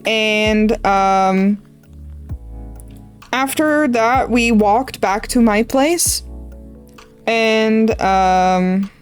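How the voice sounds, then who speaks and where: A woman's voice: mid-range voice, very slow, pauses often, smooth, faint music behind. A young woman streamer from the Netherlands, casually rambling through a story while drawing, swearing freely. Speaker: art streamer.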